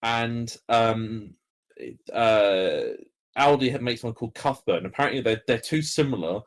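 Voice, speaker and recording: A man co-hosting a casual podcast. He tells stories in a rambling, halting way, full of ums and restarts, in a voice of everyday pitch. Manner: rambling, halting storyteller with many fillers. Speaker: podcast co-host. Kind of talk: casual chat.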